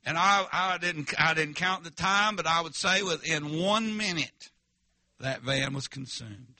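Bright-voiced preacher man. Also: fairly high pitch, measured pace, dry recording. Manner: folksy, emphatic, calls out to the congregation. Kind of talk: revival sermon storytelling.

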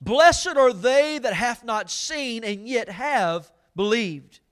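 A man preaching a sermon as pastor at a church service, fervent and emphatic, slowing down to read scripture with deliberate weight and asking the congregation for amens. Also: extremely high pitch, expressive, fairly bright tone, clean tone. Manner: reads scripture slowly and deliberately.

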